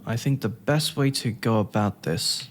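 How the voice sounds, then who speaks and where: A man's voice: medium pitch, moderate pace, over music. A man giving casual commentary on his own gameplay, thinking aloud and chuckling to himself. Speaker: gaming YouTuber.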